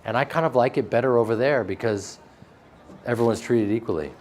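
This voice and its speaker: A man with a flat Midwestern American accent answers interview questions in loose, casual chat. He jokes, laughs easily and trips over his own restarts. His pitch sits at a middle level for a man. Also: fairly quick, a little hiss or hum. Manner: animated, joking, laughs often, with frequent restarts. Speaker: actor being interviewed.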